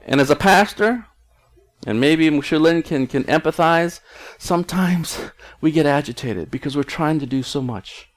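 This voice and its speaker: A man's voice: on the high side, normal speed. A middle-aged male pastor preaching a conversational sermon in an earnest tone, often restarting his sentences.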